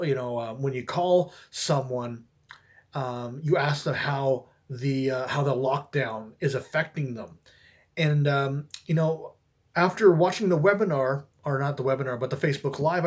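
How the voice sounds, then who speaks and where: Husky-voiced man coaching casually. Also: fairly high pitch. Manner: relaxed, conversational, many fillers and restarts. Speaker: network marketing coach. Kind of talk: casual coaching talk to camera.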